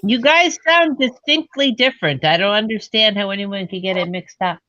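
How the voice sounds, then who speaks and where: A woman's voice: mid-range voice, lively intonation, normal speed, pushed and bright, no room sound. A woman making matter-of-fact comments in a casual chat while watching a movie with friends. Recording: dry, dull lo-fi sound.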